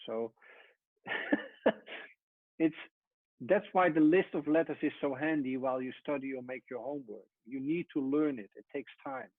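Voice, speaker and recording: A man teaching a Hebrew lesson at a whiteboard, explaining step by step and often trailing off softly. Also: mid-range voice, normal speed, dry recording. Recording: tinny phone-like sound.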